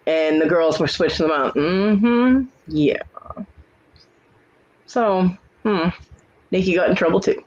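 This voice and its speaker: A woman's voice: lowish voice, slow, pauses often, darkish tone, muffled recording, a little hiss or hum. A woman host in casual chat, bluntly telling salty family stories with a laugh.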